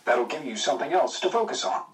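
A man's voice: on the high side, animated, recorded from a distance, lightly acted, low-quality recording. Man voicing a joking young pilot. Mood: teasing. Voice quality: brisk, teasing, dry wit. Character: cheerful young Englishman, wartime pilot, joking. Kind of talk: audiobook character voice.

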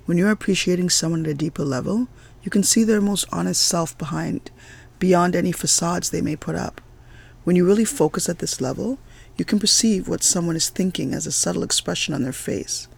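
A man voicing a calm, knowing woman guide, patient as she explains things in a storybook reading. The voice has a gravelly, husky edge and sits somewhat high. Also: fairly quick, full character voice.

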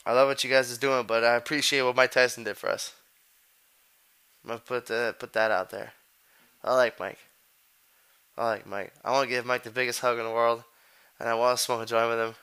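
A man hosts his own podcast in an easygoing, rambling way, full of street slang and swearing. His voice is bright and clear, with a crisp, smooth tone. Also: mid-range voice, level tone, quick pace. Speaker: podcast host. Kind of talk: casual chat.

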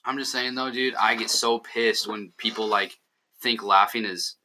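A man's voice: lowish voice, fairly even intonation, moderate pace, sharp tone, slight background noise. A young man co-hosting a casual podcast, joking around with friends and laughing often. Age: teens. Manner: joking, laughs a lot, talks over others. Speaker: podcast co-host. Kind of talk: casual chat.

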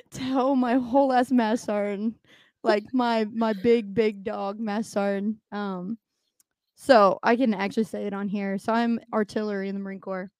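A woman's voice: medium pitch, steady tone, a little slow, darkish tone, no room sound, clean studio sound. A young adult woman co-hosting a podcast in casual, blunt, profane chat, laughing often. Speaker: podcast co-host.

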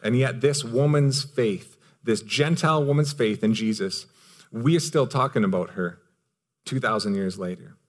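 A male pastor preaching in a loose, conversational style, stressing key words with emphasis. His pitch sits in a middle range for a man. He circles back and repeats phrases to land each point. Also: moderate pace. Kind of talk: sermon.

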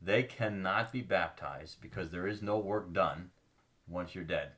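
Man, podcast co-host, low voice, reads scripture, earnest explaining, hesitant ums. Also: a bit bright. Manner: explains earnestly, pauses with ums to find passages. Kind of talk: casual religious discussion, reading scripture aloud.

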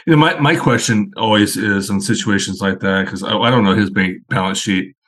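A man's voice: lowish voice, a little fast, a bit bright. A man, a guest on a podcast, chatting casually and telling long, rambling anecdotes.

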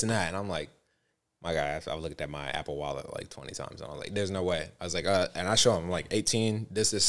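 A man with a very low voice tells a story with lively, loose energy. He swears freely and talks in an easy chat. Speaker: podcast co-host. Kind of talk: casual chat.

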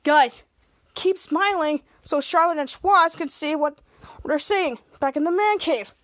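Brief: teen boy sidekick in disguise, upbeat, high voice, read by a woman. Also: measured pace, a bit bright, dry recording, studio quality.

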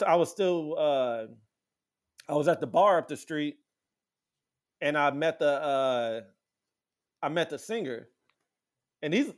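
A man in casual podcast chat, telling a profane, animated story and acting out quotes in sudden high voices.

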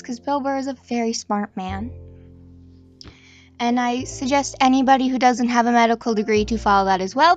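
Chatty young woman rambling. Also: on the high side. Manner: chatty, self-deprecating, meandering with frequent restarts. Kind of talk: casual rambling chat.

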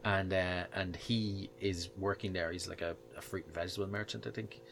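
A man co-hosting a podcast, retelling a book in a rambling, hesitant way that trails off softly. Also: sits low, steady tone, a little fast, vocal fry, slight background noise. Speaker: podcast co-host. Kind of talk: casual chat, retelling a book.

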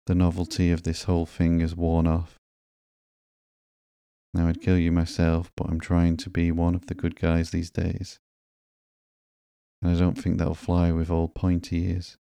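A man voicing a blunt, teasing female antihero in a slow, sleepy comic reading, in his own low, creaky voice. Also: completely flat delivery, mellow, dry recording, studio quality. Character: blunt joking adult woman antihero.

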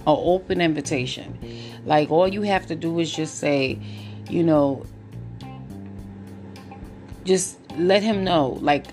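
A woman's voice: deep voice, slow pace, long pauses, a little mellow, soft background music. A woman hosting a relationships podcast, talking casually and laughing, then turning to earnest encouragement. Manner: chatty, laughs often, preachy encouragement. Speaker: podcast host. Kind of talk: casual late-night monologue.

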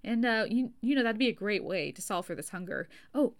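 A woman's voice: on the high side, sing-song, unhurried, fairly bright tone, voice pushed up. A woman voicing her own hungry brain as a pushy figure that eagerly coaxes her toward food. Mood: coaxing. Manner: wheedling, eager, coaxing.

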